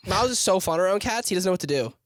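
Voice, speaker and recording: A man's voice: sits high, expressive, very fast, no echo, studio quality. A young man co-hosting a podcast, joking and swearing freely in casual chat. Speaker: podcast co-host.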